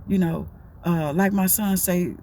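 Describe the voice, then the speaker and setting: Gravelly-voiced woman giving folksy life advice. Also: on the low side, a little slow, warm tone, a little hiss or hum. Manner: folksy, preachy, repeats herself. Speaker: motivational talker. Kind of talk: casual motivational monologue.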